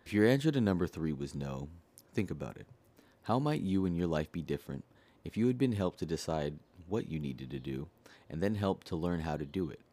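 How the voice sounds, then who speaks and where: A man reading a self-help book aloud, steady and earnest, speaking straight to the listener. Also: low voice, brisk. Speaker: audiobook reader.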